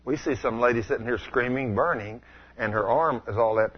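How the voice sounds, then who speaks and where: A man preaching a storytelling sermon in a folksy way, asking the congregation questions and rising to loud exclamations. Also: medium pitch, sing-song, moderate pace, breathy edge, dull audio.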